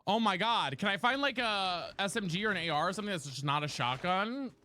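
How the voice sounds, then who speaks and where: A man's voice: sits high, lively intonation, fairly quick, pushed and bright, slight background noise. A man streaming a game live, chatting with viewers and swearing, a little tired after hours on air. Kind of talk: live gameplay commentary and chat.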